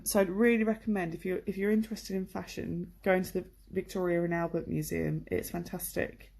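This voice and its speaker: A woman's voice: fairly low pitch, creaky, a little mellow. A woman from England giving a chatty, enthusiastic online English lesson, with many fillers, on a computer microphone. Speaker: English teacher.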